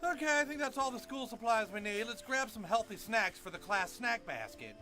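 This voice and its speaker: A man's voice: very high voice, animated, a little fast, pushed and bright, exaggerated voice. A man voicing a pompous, self-righteous male teacher in a cartoon, preachy and smug. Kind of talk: animated cartoon voice acting. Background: music.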